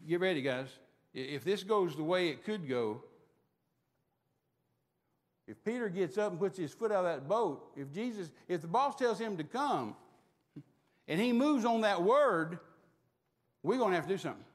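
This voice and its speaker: A man preaching voices a group of excited, chattering angels watching the scene with amusement. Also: sits high, moderate pace, long pauses. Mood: eager. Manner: chattering, laughing.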